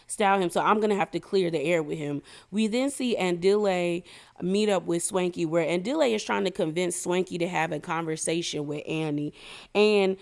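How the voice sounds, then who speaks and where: A woman recaps a reality show for her viewers, speaking straight to them in a gossipy, opinionated, slangy way. Her lowish voice is creaky and moves at normal speed.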